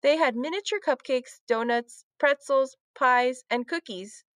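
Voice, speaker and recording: A woman teacher reading a children's book aloud, with clear, expressive storytelling. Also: sits high, measured pace, no echo.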